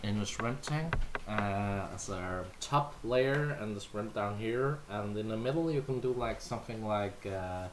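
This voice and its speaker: Speaking at a measured pace in a lowish voice, this Danish livestream host, a native Danish speaker, banters casually with his viewers and answers their questions. He's playful and leans heavily on filler words. The background is noisy.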